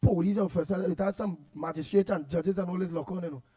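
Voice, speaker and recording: Quick-paced, high, and warm, this man's voice stays steady in tone. Hosting a call-in radio program, he speaks in a Trinidadian accent and tells Creole stories packed with repetition, and he's from Trinidad and Tobago.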